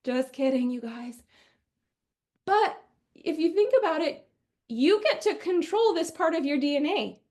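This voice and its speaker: A middle-aged woman from Wisconsin giving a chatty, energetic sales training webinar, often acting out what customers say. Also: high voice, unhurried, long pauses.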